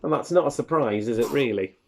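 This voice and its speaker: A woman teacher reading a picture book aloud to young children in an animated, expressive way. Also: rumbling low, fairly quick. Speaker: primary school teacher.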